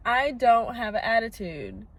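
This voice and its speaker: A woman's voice: on the high side, sing-song, a little slow. A woman vlogging as a stay-at-home mom, chatting casually, preaching a little and venting, from a parked truck. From Latina, US. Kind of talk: casual vlog chat.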